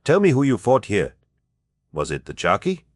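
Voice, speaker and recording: A man reading an audiobook voices a calm stranger from a strange land, speaking airily in a peculiar foreign accent and lifting his voice above his narration. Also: mid-range voice, moderate pace, dry recording, clean studio sound, pitched above the performer's own voice. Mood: airy, assured. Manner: airy, calm.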